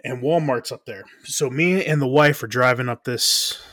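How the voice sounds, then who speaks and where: A man's voice: medium pitch, fairly bright tone, dry recording, clean studio sound. A married man co-hosting a podcast, telling a meandering anecdote in casual chat. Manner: meandering, halting with fillers. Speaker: podcast co-host.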